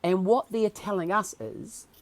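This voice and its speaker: A man with a New Zealand accent, a podcast guest telling stories in a casual interview with animated, emotional delivery. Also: high-pitched, measured pace, no echo.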